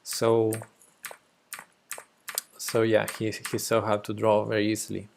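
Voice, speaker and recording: A young man with a Spanish accent, a native Spanish speaker, giving casual live-stream chess commentary in a hesitant way with fillers and soft laughs. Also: lowish voice, completely flat delivery, a little slow, gravelly, slight background noise.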